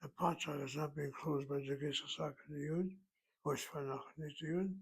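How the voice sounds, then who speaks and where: A man giving a recorded Hebrew grammar lesson, walking through words slowly and methodically, thinking aloud as he goes. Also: a little high, steady tone, creaky, a little hiss or hum, poor audio. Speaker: Hebrew teacher.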